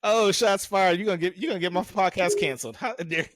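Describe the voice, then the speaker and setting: A man's voice: high-pitched, fast, no room sound. A man hosting a podcast in casual chat, joking, laughing often and swearing freely. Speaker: podcast host.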